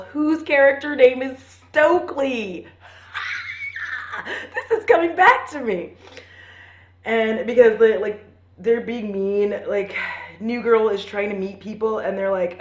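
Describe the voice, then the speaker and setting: A podcast host in her thirties retells a movie in a rambling, profane way, her voice on the high side. She tosses in playful asides and quick character voices, and the recording has a roomy echo.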